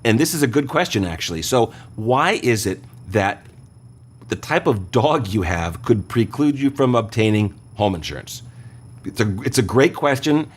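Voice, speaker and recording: Low-voiced man explaining insurance questions. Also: sing-song, normal speed, breathy edge. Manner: conversational, explanatory, checks in with tag questions. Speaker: insurance show host. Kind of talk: answering listener questions on air.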